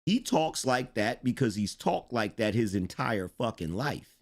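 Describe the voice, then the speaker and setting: A man's voice: medium pitch, animated, measured pace. A middle-aged man hosting a live-stream commentary show, reading viewer chat in a blunt, emphatic way, repeating lines for effect and swearing.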